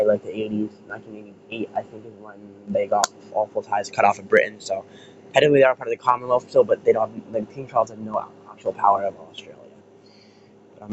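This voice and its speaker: An American man giving a rambling, casual rant as an online commentator, swearing freely. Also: lowish voice. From United States. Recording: muffled lo-fi with faint hiss.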